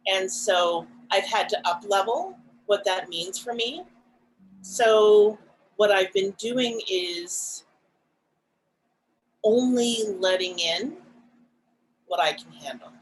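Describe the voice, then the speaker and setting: A woman co-hosting a podcast, talking in a reflective, casual way, soft-spoken and pausing often with fillers. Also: mid-range voice, slight background noise, low-quality recording. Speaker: podcast co-host.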